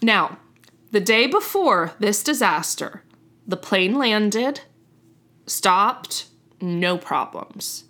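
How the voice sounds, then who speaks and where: A woman's voice: mid-range voice, big pitch swings, drawn-out words, a bit bright. A young adult woman hosting a casual chat, telling a story with frequent self-corrections and laughing at her own slips. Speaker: podcast host.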